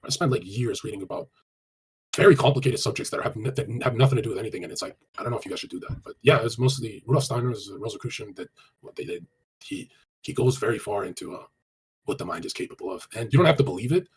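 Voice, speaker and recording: A male streamer rattles off blunt, crude dating advice at high speed. His pitch leaps up and down constantly, and he fills every gap with fillers and swearing. A faint hum of background noise sits under his voice. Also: lively intonation. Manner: rapid, run-on delivery with many fillers. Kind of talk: casual live-stream advice, answering chat.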